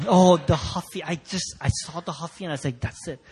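A man's voice: fairly high pitch, fast, few pauses, darkish tone. A Korean-born male pastor preaching a sermon, telling a childhood story and acting out its scenes with big swings in voice. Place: church sanctuary.

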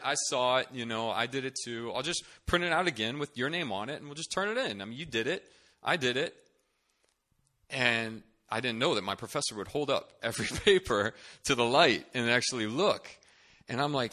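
A young man tells a personal anecdote in a bright, ringing voice at a middle pitch. He slips into the voices of the people in his story and laughs often. His delivery is animated and conversational. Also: a little fast.

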